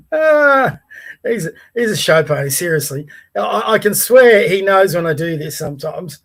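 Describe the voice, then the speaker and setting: Australian male host, rambling and chatty, fairly high pitch, casual home podcast delivery. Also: very animated, takes it slowly, long pauses, a bit bright. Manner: rambling, chatty, laughs often, talks to his dog. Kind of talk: casual solo vlog chat. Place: home by the bay.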